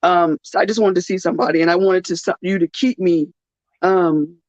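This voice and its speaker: A woman's voice: lowish voice, fairly even intonation, dry recording. A tired woman hosts a faith-based talk show, stumbling through restarts and fillers as she holds back tears. Her voice comes through a dull, lo-fi phone recording with a dry, close sound. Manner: halting, many restarts and fillers. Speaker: radio show host.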